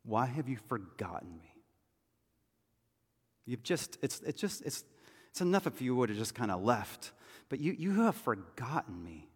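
A man preaching a sermon as pastor, talking in a conversational way and often dropping to a hushed, intense tone. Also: medium pitch, sing-song, moderate pace, slightly rough. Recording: church hall reverb.

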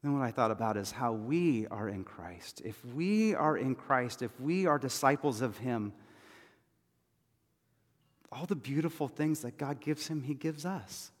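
A man preaching a sermon as pastor, moving between loud urgent pleading and soft, hushed reassurance. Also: medium pitch, lively intonation, unhurried, long reverb tail.

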